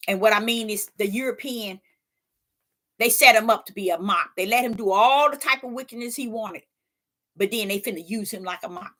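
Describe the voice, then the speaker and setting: A woman's voice: mid-range voice, brisk, a bit bright. African american woman preaching at her viewers, emphatic, repeats herself, lots of uh uh uh. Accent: African American English. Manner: emphatic, repetitive, preachy with stammered fillers. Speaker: live stream host. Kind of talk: casual preaching commentary.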